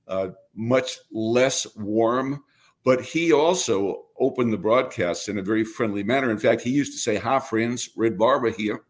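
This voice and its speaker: An older man from Brooklyn, a baseball broadcaster speaking earnestly as an interview guest. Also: fairly low pitch. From Brooklyn, New York. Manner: reflective, earnest, many restarts. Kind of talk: conversational interview.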